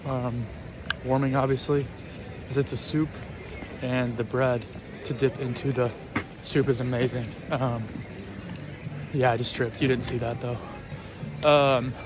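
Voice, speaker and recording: A man vlogging casually to camera as he walks city streets, chatty and hesitant, with lots of ums and self-corrections. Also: mid-range voice. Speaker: travel vlogger. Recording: faint outdoor street noise. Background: faint street and traffic noise.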